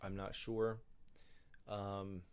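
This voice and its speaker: A man's voice: on the low side, flat delivery, drawn-out words, a little mellow, clean tone. A man giving casual, rambling commentary while streaming a video game, thinking aloud and grumbling as he goes. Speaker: gaming streamer.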